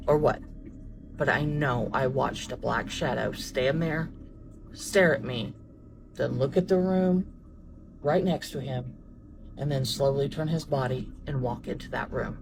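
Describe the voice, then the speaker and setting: A nurse telling about a creepy night shift in a casual, measured way, building suspense. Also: medium pitch, steady tone, gravelly. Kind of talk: casual storytime. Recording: music bed under voice. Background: background music.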